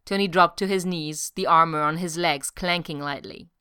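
Smooth low-voiced woman narrating. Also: fairly even intonation, moderate pace, pushed and bright, dry recording, clean studio sound. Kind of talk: audiobook narration of fan fiction.

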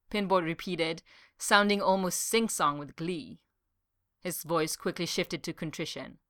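A woman reading a short story aloud, narrating with an expressive manner. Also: fairly low pitch, measured pace, no room sound, studio quality. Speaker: story reader.

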